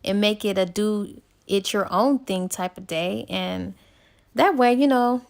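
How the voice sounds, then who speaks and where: A woman's voice: mid-range voice, a little slow, gravelly, a little mellow. A woman casually retelling a novel's plot as a book reviewer, chatty and laid-back, full of ums and likes.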